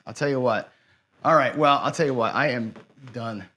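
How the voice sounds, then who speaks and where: A man's voice: medium pitch, moderate pace, sharp tone. A man hosting a live dice-game stream, muttering and swearing in frustration as he talks to his viewers. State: dejected after a loss. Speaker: host of a live craps stream.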